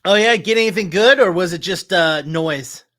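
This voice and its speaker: Guy doing a loud rowdy gate guard, pitched up, fast and crude, joking around in a tabletop game. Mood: brisk. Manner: loud, quick, crude banter. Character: crude joking male checkpoint guard, adult.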